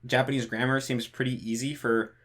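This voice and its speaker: A man's voice: medium pitch, flat delivery, a little fast, fairly bright tone. A man answering viewer questions in a casual monologue, thinking aloud and hedging, with frequent restarts and fillers. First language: English. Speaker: channel host answering patron questions.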